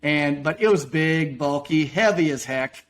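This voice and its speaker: A man's voice: fairly high pitch, fairly bright tone. A man guesting on a podcast, telling a rambling folksy story about his work in casual talk. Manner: folksy, rambling, quick to act out quotes. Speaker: podcast guest, roofing business owner.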